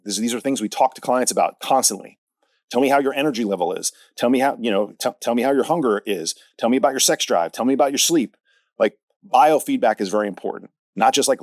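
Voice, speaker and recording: Man, fitness coach, podcast host, casual monologue, direct and punchy, deep-ish voice, dead dry room. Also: a little mellow, no room sound. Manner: direct, punchy, peppers lines with "all right?".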